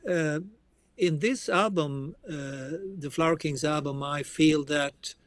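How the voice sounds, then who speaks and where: A man's voice: a little high, no room sound. A man with a Swedish accent, a guitarist guest talking casually in an interview, rambling with frequent restarts. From Sweden.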